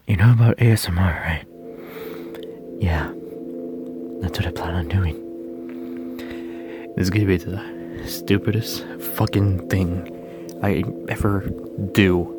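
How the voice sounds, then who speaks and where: A young man making a joking amateur ASMR video, stammering, swearing often and mocking himself. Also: low-pitched. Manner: rambling, stammering, swears a lot, self-mocking. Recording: music playing loudly behind.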